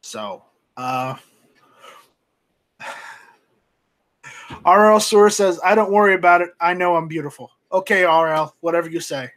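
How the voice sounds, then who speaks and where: A man hosting a casual live stream off camera, reading viewer chat aloud and talking in a halting, rambling way with many restarts. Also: high voice, fairly bright tone. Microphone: home streaming mic, voice only, off camera.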